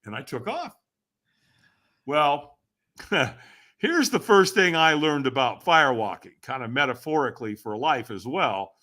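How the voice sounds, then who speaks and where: A man as a podcast guest, telling a personal story in an animated way, acting out other people's voices and asking the listener rhetorical questions. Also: medium pitch, a little slow. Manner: animated, acts out quoted voices with sudden shouts.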